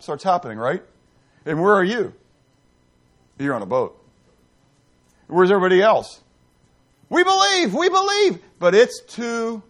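An animated male pastor delivers a sermon in a somewhat high voice with a very lively pitch. He keeps asking his congregation questions. He swings from punchy emphasis to near-whispered asides. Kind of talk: interactive sermon.

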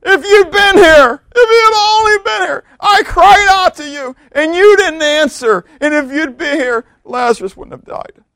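A man putting on the high, strained voice of a grieving woman pleading, within a sermon. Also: moderate pace, hardly any pauses, bright, forceful tone, no room sound, full character voice.

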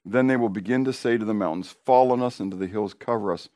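Middle-aged male pastor, fervent sermon delivery, rhetorical questions to the crowd, slightly low voice. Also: fast talker, dark tone.

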